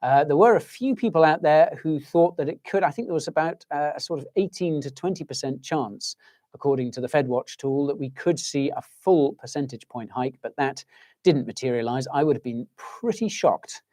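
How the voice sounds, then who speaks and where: A man's voice: on the high side, normal speed, dark tone, no room sound, clean studio sound. A man hosting a casual livestream, chatting in a rambling way and calling his viewers folks. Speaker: livestream host.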